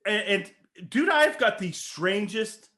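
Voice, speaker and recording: A man's voice: sits high, animated, slow, sharp tone. A man from Canada co-hosting a casual podcast, rambling and repeating words as he talks, with frequent laughs. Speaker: podcast co-host.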